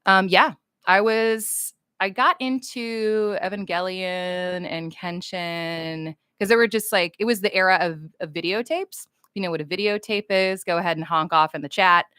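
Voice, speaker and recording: A woman's voice: lowish voice, moderate pace, a bit bright, clear, resonant tone, no echo, clean studio sound. A woman from the United States, chatting casually on a livestream with fans, goofy and rambling as she reads chat comments aloud.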